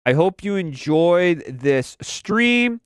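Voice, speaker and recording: A young man talks loosely through his live stream, looping back on his own phrases and throwing in slang. His voice is smooth and clean, set close to a dry mic with no room sound around it. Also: sits high, very animated, slow pace, dry recording. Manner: rambling, repeats phrases, slangy. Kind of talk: casual pop-culture commentary.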